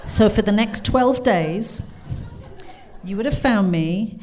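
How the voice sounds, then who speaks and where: Animated British woman telling stories. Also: mid-range voice, slow. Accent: British English. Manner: animated, laughing, acts out quotes in character. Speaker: author. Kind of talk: anecdotal storytelling at a live book talk.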